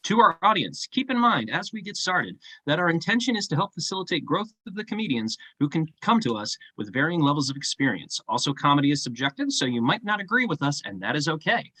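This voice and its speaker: A man hosts a live-streamed comedy show, running through the rules and bringing on acts with playful energy. His voice is somewhat high for a man. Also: bright, forceful tone, low-quality recording. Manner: upbeat, playful, announcing. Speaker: show host.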